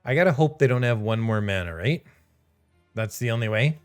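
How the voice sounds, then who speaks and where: A man's voice: mid-range voice, animated, brisk, clear, resonant tone, soft background music. A man commenting casually on his own card game, sarcastic and exasperated, laughing in disbelief. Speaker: streamer playing a card game.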